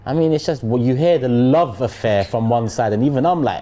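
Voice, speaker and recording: A man's voice: mid-range voice, a little fast, warm tone. A man arguing bluntly as a fan pundit in a heated, casual debate, swearing now and then.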